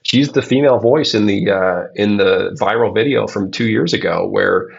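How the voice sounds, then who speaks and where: A man with a low, husky voice talks haltingly as a guest in an interview, restarting his sentences often. His voice is gravelly and comes through a dull, lo-fi line. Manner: halting, with many restarts and fillers. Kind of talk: casual interview talk.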